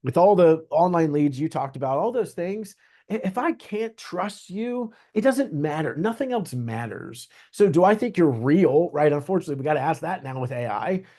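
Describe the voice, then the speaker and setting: A man from Southeast Virginia, a realtor guest on a podcast, telling stories in an earnest, animated way. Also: a little high, normal speed. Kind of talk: conversational interview.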